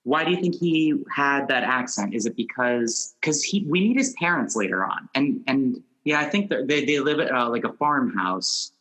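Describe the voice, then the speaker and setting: A man's voice: medium pitch, lively intonation, moderate pace, few pauses, pushed and bright, poor audio. A man hosting a casual movie podcast, asking long rambling questions and laughing often. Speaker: podcast host.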